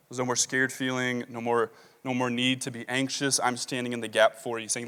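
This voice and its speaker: A man's voice: medium pitch, flat delivery, a little fast, a bit bright, clear, resonant tone. A man preaching a sermon as pastor, talking casually with many fillers and reading scripture aloud. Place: large church hall. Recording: long reverb of a large hall.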